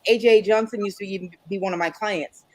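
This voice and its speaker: A woman reflecting in a measured way in a casual conversation. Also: mid-range voice, fairly even intonation, no room sound, low-quality recording. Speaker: guest. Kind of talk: casual chat.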